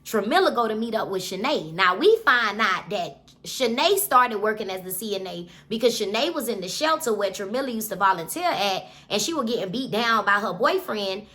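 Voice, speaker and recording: A woman's voice: medium pitch, lively intonation, moderate pace, a bit bright. A woman giving a casual, chatty recap of a novel, with lots of cussing and asides to her viewers. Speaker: book reviewer.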